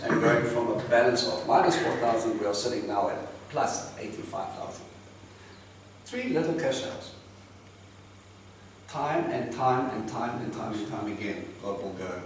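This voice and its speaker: A man's voice: mid-range voice, moderate pace. A man preaching, telling a personal story and acting out both sides of the dialogue. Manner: animated, acts out both sides of conversations. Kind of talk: storytelling sermon. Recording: very echoey room, distant mic, faint hiss.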